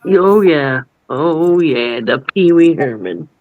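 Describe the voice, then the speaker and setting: A woman's voice: sits low, expressive, takes it slowly, phone-quality sound, soft background music. A woman in a casual live stream chat, laid-back and answering with short reactions.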